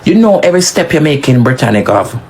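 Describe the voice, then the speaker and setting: A woman with a Jamaican accent giving animated, scolding patois commentary, swinging her pitch up and down for emphasis. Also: fast talker, slight background noise. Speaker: social media commentator.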